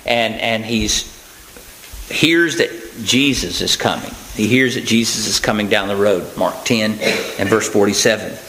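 A man preaching a sermon in a conversational way, with folksy asides and acted-out quotes, plain and unhurried, with frequent fillers and restarts. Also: on the low side, fairly bright tone, slight background noise, rough recording.

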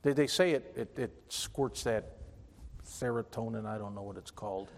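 A man's voice: fairly low pitch, moderate pace, creaky. A man preaching a sermon, emphatic and repetitive, often restarting his phrases. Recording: long reverb from a hall.

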